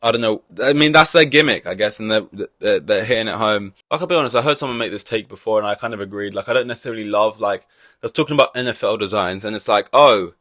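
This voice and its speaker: A man's voice: on the low side, fast, sharp tone, dry recording. Man, podcast host, casual rant, frequent swearing, rambling restarts, dry recording. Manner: opinionated, profane, rambling with restarts. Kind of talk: casual ranting podcast chat.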